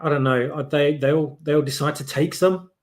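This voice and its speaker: A man co-hosting a casual podcast chat who makes quick, reasoned asides. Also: fairly high pitch, steady tone.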